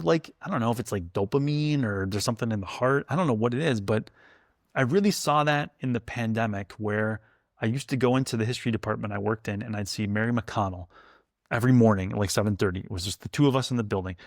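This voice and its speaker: A man speaking as a food historian guest, telling anecdotes in a chatty, animated way. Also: mid-range voice, dry recording, clean studio sound. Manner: chatty storyteller, animated and laughing. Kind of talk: casual conversation.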